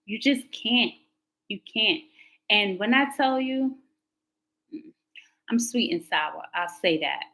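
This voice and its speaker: A woman's voice: mid-range voice, expressive, slow, pauses often, sharp tone, poor audio. A woman tarot reader talking casually to her livestream viewers, candid and slangy. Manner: chatty and candid, slangy, talks back to chat comments.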